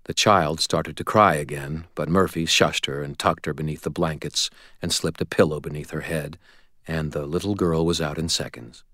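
A man reading a first-person audiobook in an even, understated manner. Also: very deep voice, normal speed, dry recording, clean studio sound. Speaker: audiobook narrator.

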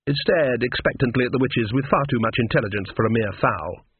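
Male audiobook narrator, husky, steady and wry, phone-like lo-fi sound. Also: mid-range voice, brisk. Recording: tinny phone-like dry sound.

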